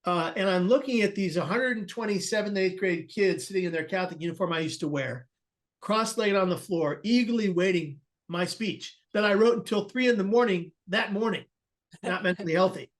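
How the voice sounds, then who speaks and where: A man's voice: high-pitched, brisk. A man, a guest on an interview podcast, earnestly tells a personal story and acts out the people he quotes, often restarting his sentences.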